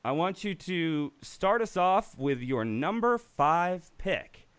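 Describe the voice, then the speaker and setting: A man's voice: high voice, slow, clean tone. A man hosting a casual live-streamed movie talk show, rambling and laughing as he talks. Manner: animated, laughing, rambling with restarts.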